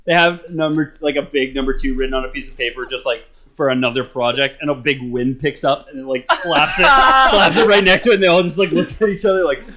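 A man's voice: a little high, quick pace, hardly any pauses, sharp tone. A man on a casual podcast, riffing on silly imagined scenes. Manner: joking, riffs on silly scenarios. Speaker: podcast co-host.

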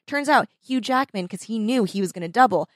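A woman in casual chat, recapping a movie with animated storytelling, lots of fillers and casual swearing. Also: a little high, fairly quick, no echo.

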